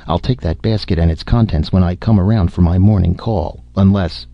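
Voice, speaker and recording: A man reading the part of a gruff, teasing family doctor with folksy speech, in a deep voice. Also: normal speed, no room sound, lo-fi sound.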